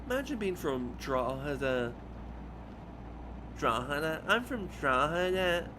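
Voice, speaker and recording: A man's voice: on the high side, sing-song, slow, background noise, pitched above the performer's own voice. An Irish man mimicking a drawling, repetitive Dublin mother in a mocking Dublin accent. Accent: mocked Dublin. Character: loud gossiping Dublin mother, middle-aged woman.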